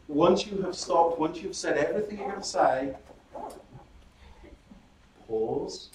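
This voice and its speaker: A man presenting a startup workshop, lively and chatty, acting out audience members with laughing asides. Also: mid-range voice, moderate pace, heavy background noise. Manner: animated, acts out audience reactions with laughing asides. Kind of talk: presentation skills workshop talk. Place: workshop room. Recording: roomy echo from a distant mic.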